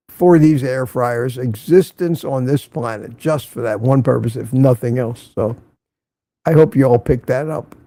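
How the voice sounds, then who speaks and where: A man's voice: on the high side, dark tone, dry recording. A man hosting a casual morning livestream, greeting viewers by name and reading their chat messages, chatty and chuckling often, repeating himself.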